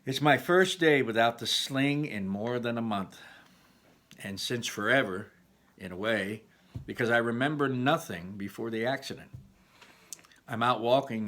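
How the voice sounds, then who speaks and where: A man, a teacher, reading a first-person novel aloud with expressive storytelling. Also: fairly low pitch.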